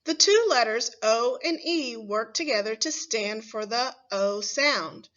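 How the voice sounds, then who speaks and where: A woman teaching young children their letter sounds, taking her time over each word and sounding it out with care. Her voice is bright and a little high, and the recording is dull and lo-fi. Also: animated. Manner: slow, clearly sounded-out words with questions to the class. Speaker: first grade teacher. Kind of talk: phonics lesson for young children.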